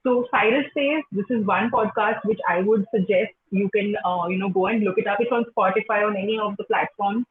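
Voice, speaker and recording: A woman's voice: mid-range voice, a little fast, few pauses, slight background noise. A young woman with an Indian English accent, a teacher answering interview questions in a chatty way, full of "you know". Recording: echoey phone-like call line.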